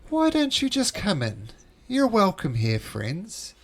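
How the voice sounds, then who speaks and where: A man's voice: high voice, wildly swooping pitch, slow pace, pitched above the performer's own voice, heavily acted. A man voicing a sly unseen creature that coaxes visitors inside with a wheedling manner. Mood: coaxing. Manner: wheedling, coaxing.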